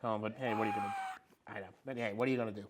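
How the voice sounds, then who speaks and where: A man's voice: on the low side, fairly even intonation, racing, noisy background. A man co-hosting a casual podcast chat in a library podcast room, loose and joking, swearing casually. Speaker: podcast co-host.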